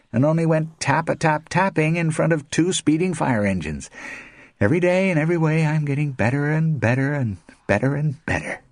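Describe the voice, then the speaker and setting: A man's voice: lowish voice, darkish tone, no room sound, pitched above the performer's own voice. A man voicing a bitter, sardonic blind actor in an audiobook, mocking and rueful. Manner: sarcastic, mocking.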